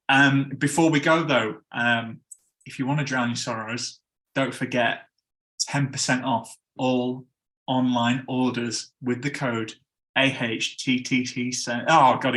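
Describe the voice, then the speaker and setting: A man's voice: medium pitch, measured pace, pushed and bright. A man hosting a casual podcast chat, chatty and laughing at his own slip-ups. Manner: chatty, stumbles over ad reads and laughs at himself. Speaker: podcast host.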